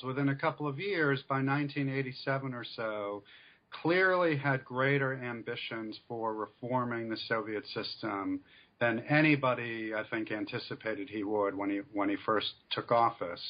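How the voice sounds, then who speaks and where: A male author answering interview questions in a measured, explanatory way with frequent fillers. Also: mid-range voice, lo-fi sound. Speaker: author guest.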